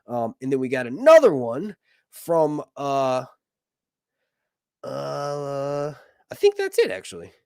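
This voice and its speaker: A man's voice: medium pitch, wildly swooping pitch, takes it slowly, gravelly, pauses often, darkish tone, dry recording, clean studio sound. A man hosting a casual live stream, reading viewer messages aloud and chatting with lots of laughs and energy. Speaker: livestream host.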